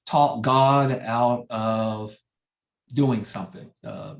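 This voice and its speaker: A man leading a church Bible study discussion, explaining things slowly and thoughtfully with frequent fillers. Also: medium pitch, fairly even intonation, echoey room.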